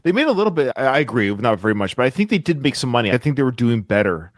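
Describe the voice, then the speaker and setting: A man's voice: mid-range voice, racing, no room sound, studio quality. A man hosting a film podcast, talking casually and acting out lines from the movie with lots of laughter. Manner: animated, laughs often, acts out quotes. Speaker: podcast host.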